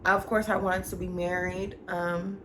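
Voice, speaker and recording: A woman's voice: fairly low pitch, unhurried. Young adult woman, talkative vlogger at home, casual storytelling voice, slight room hiss. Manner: chatty, animated, addresses viewers as y'all and girl.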